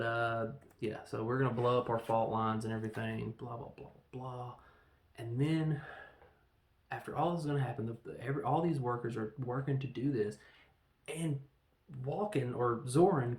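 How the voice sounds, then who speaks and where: A man reviewing a film in a casual, rambling way, telling the story with animated, acted-out quotes. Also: mid-range voice. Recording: echoey room.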